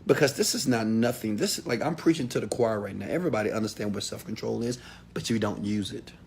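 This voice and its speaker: A man giving a motivational talk to an audience, preachy and direct, swinging from loud calls to hushed asides. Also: on the low side, quick pace, creaky, slight background noise. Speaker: motivational speaker.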